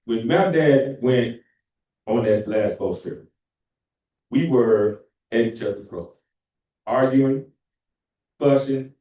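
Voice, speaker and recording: A man's voice: medium pitch, slow pace, pauses often, warm tone, distant mic. A man speaking candidly at a memorial about his late father. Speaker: son of the deceased, memorial speaker. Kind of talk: personal memorial remarks. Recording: very echoey hall heard from afar.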